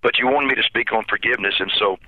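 A pastor, telling an emotional personal story in a halting way with many repeats, heard over a phone line. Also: male voice, on the low side, dry recording.

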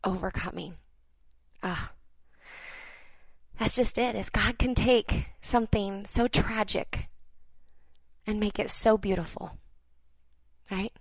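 A woman, speaking as a minister, brings prophetic words to viewers, earnest and halting. She leans on repeated phrases for emphasis and falls into soft, near-whispered moments. Her mid-range voice holds a steady tone with a breathy edge, in a low-quality recording with no echo.

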